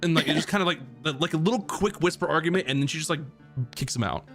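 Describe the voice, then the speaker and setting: A man's voice: a little high, fast talker, a bit bright, soft background music. A man narrating as game master of a tabletop role-playing game in a casual, chatty way. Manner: casual, laughing, lots of fillers.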